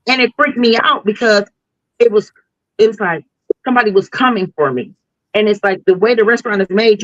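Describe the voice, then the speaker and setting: A woman appearing as a guest on a podcast, a delivery driver, tells a story in a casual, animated way, using slang and acting out voices. Her voice is medium-pitched, and the lo-fi recording has no room sound.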